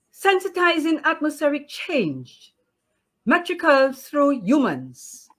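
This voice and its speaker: A woman poet chatting in an interview, then reciting her poem in a declamatory way with repeated refrains. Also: high voice. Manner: slow, lively, declamatory reading with repeated refrains. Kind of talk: casual interview and poetry recitation.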